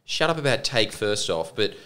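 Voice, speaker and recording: A man's voice: lowish voice, normal speed. A man chatting on a podcast, joking and telling stories, mimicking other people's voices. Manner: joking storyteller, mimics voices, lively delivery. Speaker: podcast co-host. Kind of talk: casual chat.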